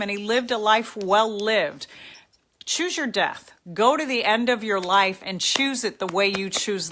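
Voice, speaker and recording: A middle-aged woman hosts a live chat, reading out viewers' comments and answering them in a heartfelt, emotional, encouraging way. Her voice is medium-pitched, bright and forceful.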